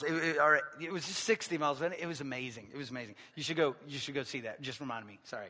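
A man preaching a sermon in a church, joking with the congregation and swinging between loud, emphatic lines and quiet asides. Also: mid-range voice, fast, hardly any pauses, in a large hall. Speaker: pastor. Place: church sanctuary.

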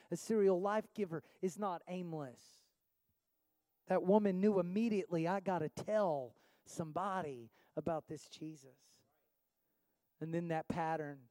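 A man's voice: sits high, warm tone, no echo. A man pastor preaching a sermon with rhetorical questions, building to an impassioned altar call.

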